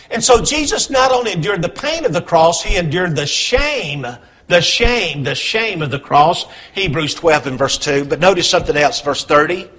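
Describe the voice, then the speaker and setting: A man preaching a sermon, swinging between hushed, low lines and loud, emphatic questions. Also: lively intonation, unhurried.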